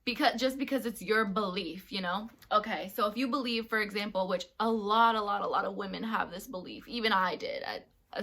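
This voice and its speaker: A woman with a bright, sharp voice co-hosts a relaxed talk show. She talks in a lively, chatty way, full of fillers and quick laughs. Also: mid-range voice, a little hiss or hum. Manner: animated, laughs often, many fillers. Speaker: co-host. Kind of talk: casual podcast chat.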